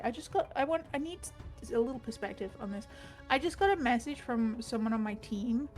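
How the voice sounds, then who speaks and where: Rambling, swearing woman recapping a game. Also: on the high side. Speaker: player recapping the session. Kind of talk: casual chat.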